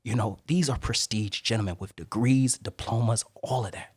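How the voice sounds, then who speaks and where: A young man from Detroit, a Marine and motivational speaker, telling his story as a podcast guest in a lively, acted-out way. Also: medium pitch, moderate pace, breathy edge, dry recording, studio quality. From Detroit, Michigan. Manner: animated storyteller who acts out quoted voices.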